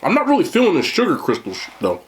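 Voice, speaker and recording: A man's voice: high-pitched, wildly swooping pitch, quick pace, a little hiss or hum. A man with a New Jersey accent doing a casual food review, blunt, profane and joking.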